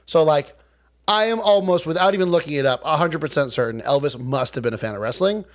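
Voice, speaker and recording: Sarcastic man, lively pitch. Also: fast. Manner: joking, sarcastic, loose with fillers. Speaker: podcast co-host. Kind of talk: casual film review chat.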